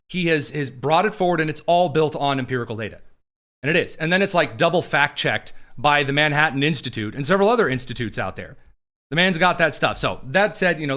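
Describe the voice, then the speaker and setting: Male podcast host, rambling sarcastic commentary, somewhat high pitch. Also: bright, forceful tone. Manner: quick, sarcastic, rambling with fillers. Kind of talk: casual political commentary.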